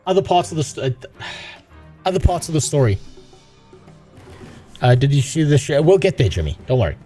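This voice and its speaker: A man's voice: on the high side, big pitch swings, normal speed, dark tone, soft background music. A man ranting on a live stream about a game, profane and sarcastic. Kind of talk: casual live-stream rant.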